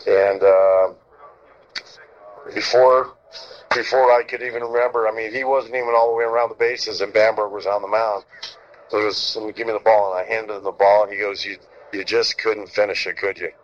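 A middle-aged man, a former pitcher, telling stories in casual chat, acting out quotes and swearing freely. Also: fairly quick. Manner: animated storyteller, acts out quotes, swears freely. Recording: dull lo-fi sound.

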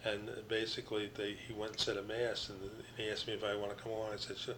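An older man from New Jersey, a retired baseball pitcher, telling rambling stories as an interview guest, full of restarts and you-knows. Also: monotone, quick pace, fairly bright tone, a little hiss or hum, poor audio.

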